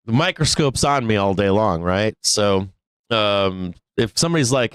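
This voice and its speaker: Man, middle-aged, live market show host, casual and profane, smooth clear voice, dry sound. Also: on the low side, lively intonation, moderate pace, no echo. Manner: candid, profane, laughs often. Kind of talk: casual live-stream talk.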